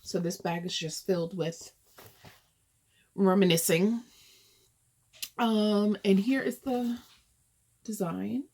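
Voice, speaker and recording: A woman's voice: medium pitch, steady tone, takes it slowly, long pauses, darkish tone. A woman chatting casually as she shows her cross-stitch projects, thinking aloud and rambling as she goes. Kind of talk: casual show-and-tell.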